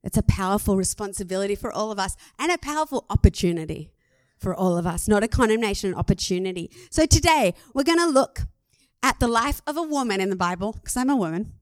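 An Australian woman pastor preaching a sermon in a lively, conversational way, laughing at herself now and then. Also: medium pitch, quick pace, dry recording.

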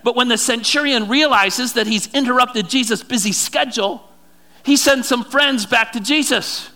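Gravelly, bright-voiced male pastor preaching. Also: very high-pitched. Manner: animated, repeats words, dramatic pauses. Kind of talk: sermon.

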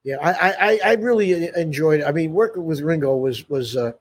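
An older musician telling stories in a casual interview, rambling with many "you know"s and restarts and laughing often. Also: male voice, fairly high pitch, a little fast, breathy edge. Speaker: musician guest.

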